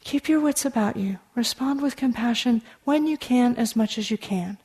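A woman's voice: fairly high pitch, normal speed, husky. Earnest woman giving a dharma talk. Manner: earnest, warm storytelling with soft asides; conversational, with frequent "uh" fillers. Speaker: meditation teacher.

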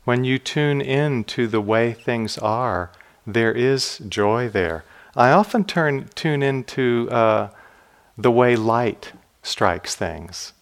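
A man who teaches meditation, giving a dharma talk in an unhurried storytelling way. He speaks gently and reflectively, and the ends of his phrases drop soft and low. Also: animated. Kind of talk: dharma talk with personal stories.

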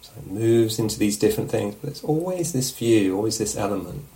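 A man teaching meditation, giving a relaxed, musing dharma talk at a retreat and often checking in with his listeners. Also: on the low side, a little fast, low-quality recording. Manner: reflective, musing, asks questions of the listeners. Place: meditation hall.

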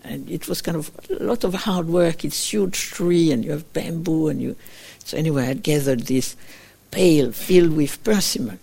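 A woman meditation teacher giving a dharma talk, telling a story gently and reflectively, often acting out her own inner voice in short quoted asides. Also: deep voice, normal speed, gravelly, husky. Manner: gentle, reflective, with frequent fillers like "kind of". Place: meditation retreat center.

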